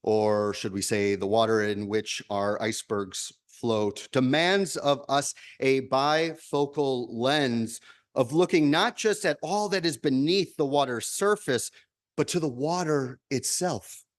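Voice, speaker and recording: A male minister giving a measured, reflective sermon, repeating key lines for emphasis. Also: medium pitch.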